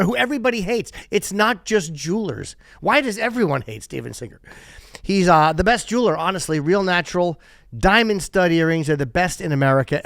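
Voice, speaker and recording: A man in his fifties with a fairly high, smooth, resonant voice reads sponsor ads live on a podcast. He keeps drifting off script into crude, sarcastic asides. The sound is dry and close. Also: a bit bright, no echo. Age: 50s. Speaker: podcast host.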